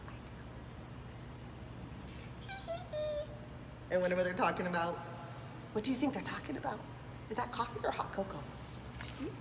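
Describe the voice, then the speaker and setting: A woman's voice: medium pitch, moderate pace, pauses often, noisy background. A woman reading a picture book aloud to preschoolers, enthusiastic and doing voices. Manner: animated, enthusiastic, does voices. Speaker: preschool storyteller. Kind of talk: children's read-aloud. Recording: echoey room with long reverb.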